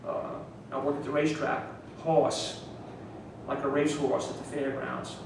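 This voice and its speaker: A man with a New Orleans accent talks casually and rambles, chuckling as he loops back over his own words. He sits some way from the mic. The room rings with a strong echo, and there is a steady background noise. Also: medium pitch, moderate pace, gravelly. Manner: rambling, chuckling, stops and restarts. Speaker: author. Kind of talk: casual talk to a small audience. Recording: echoey room miked from a distance, noise.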